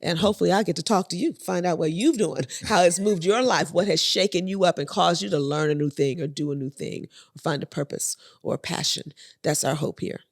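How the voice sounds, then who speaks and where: A woman's voice: lowish voice, brisk, few pauses. A woman hosting a podcast, often agreeing with her guest and backing him up with short replies. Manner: affirming, chiming in often with agreement. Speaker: podcast host. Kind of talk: conversational podcast interview.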